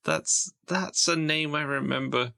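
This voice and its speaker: A man's voice: mid-range voice, a little slow, vocal fry, bright, forceful tone, pitched above the performer's own voice. A man playing a friendly adventurer who rambles and hesitates in a tabletop game. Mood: flustered. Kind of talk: tabletop role-play voice.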